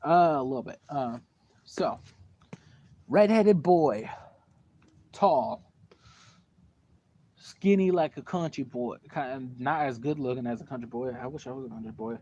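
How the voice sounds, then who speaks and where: A teenage boy telling a long, animated story to the camera at home, full of fillers and cursing. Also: mid-range voice, unhurried, pauses often. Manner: animated, profane, rambling with fillers. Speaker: vlogger. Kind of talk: casual storytelling. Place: at home, indoors. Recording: dull lo-fi home recording, faint background noise.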